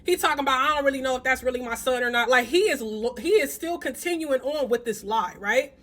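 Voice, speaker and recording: Profane, animated young woman telling a story. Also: sits high, fairly quick. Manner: blunt, profane, animated retelling with quoted dialogue. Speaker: storytelling vlogger. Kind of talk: casual storytime.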